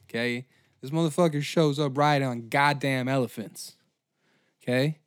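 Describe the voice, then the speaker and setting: A man hosting a comedy history podcast, ranting in a profane, animated way. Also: mid-range voice, normal speed, clean tone, no room sound, studio quality. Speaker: podcast host.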